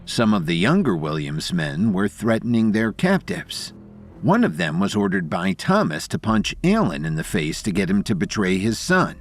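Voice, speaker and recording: A man's voice: on the low side, sing-song, normal speed, soft background music. A man narrating an audio drama with dramatic storytelling.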